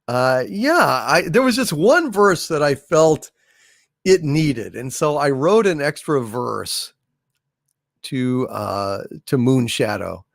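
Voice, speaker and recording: A man's voice: mid-range voice, lively intonation, creaky, no room sound, clean studio sound. A man hosting a casual livestream, hailing and thanking viewers by name as he reads their messages aloud. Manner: hails and thanks viewers by name, drawn-out unhurried delivery. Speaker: livestream host.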